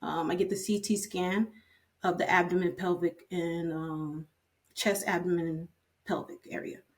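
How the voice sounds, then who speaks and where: A woman in her fifties, a patient, candidly tells her own story in an interview, retelling scenes by quoting the conversations she had with others. Her voice is fairly low, fairly even in intonation, and a little slow, heard from a distance.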